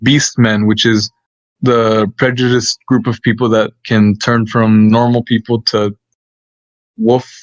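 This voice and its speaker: Young man, podcast co-host, casual chat, halting, laughs a lot, muffled lo-fi sound. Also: mid-range voice, little pitch movement, no room sound. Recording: dull lo-fi dry mic.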